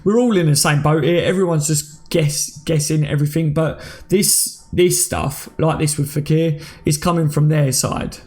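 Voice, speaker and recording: A man's voice: fairly high pitch, moderate pace, darkish tone. A man in his thirties hosting a casual live stream, chatting with viewers and reading out their comments by name. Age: 30s. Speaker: livestream host.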